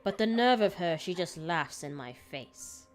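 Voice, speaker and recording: A woman's voice: on the low side, expressive, a little slow, faint music behind. A woman streamer reading a visual novel aloud dramatically, breaking off with laughing asides.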